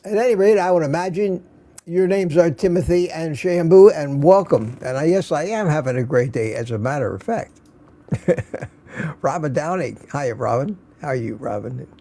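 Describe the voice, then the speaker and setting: A man's voice: on the high side, expressive, normal speed, mellow. An older man hosting a casual live stream, greeting viewers by name one after another and chuckling often.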